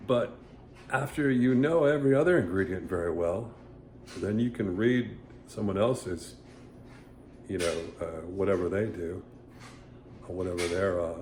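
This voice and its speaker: Low and darkish in tone, this man's voice guides a relaxed singing lesson in which he rambles and frequently breaks off to demonstrate short sung vowels. There's a little hiss or hum, in an echoey room with faint ambience.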